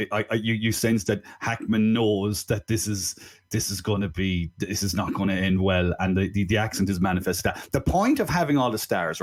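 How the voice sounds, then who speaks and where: A man co-hosting a podcast, explaining film background in a chatty, casual way. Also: lowish voice. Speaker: podcast co-host.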